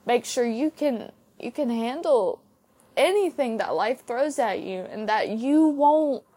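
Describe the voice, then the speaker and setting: A young woman speaks slowly and tenderly, sharing her faith story as a podcast host. Her voice is tearful from crying, and she talks haltingly with soft laughs. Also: fairly high pitch. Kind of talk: personal faith testimony.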